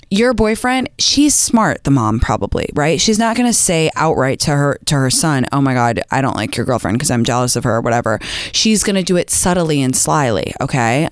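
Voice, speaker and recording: A woman's voice: deep voice, no room sound, studio quality. A woman hosting a call-in advice show, talking frankly and casually with lots of "like" and some swearing. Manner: chatty, frank, says "like" a lot, swearing.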